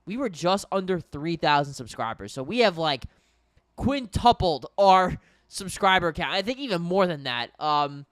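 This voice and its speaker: A young man commentates a game live for his stream, a bit tired and yawning. His voice sits a little high and sounds smooth and clear. The recording is dry and close. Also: lively intonation, normal speed, a bit bright, dry recording. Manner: conversational, addresses viewers as guys. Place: home in New York.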